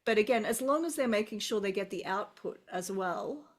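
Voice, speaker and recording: Aussie lady teacher on a zoom call, middle-aged, thinks out loud, keeps restarting. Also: medium pitch, fairly quick. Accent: Australian. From Australia. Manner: relaxed, thoughtful, musing with restarts. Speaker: English teacher guest. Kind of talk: casual video call conversation. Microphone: video call.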